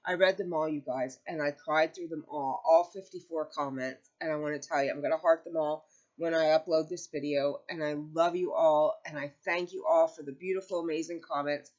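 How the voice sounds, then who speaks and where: A woman's voice: low voice, fairly even intonation, normal speed, darkish tone. A woman talking casually to her viewers from home, rambling and tearful as she shares personal news. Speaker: crochet vlogger. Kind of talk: casual chat to camera. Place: home, with pets nearby. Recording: dull lo-fi home video audio.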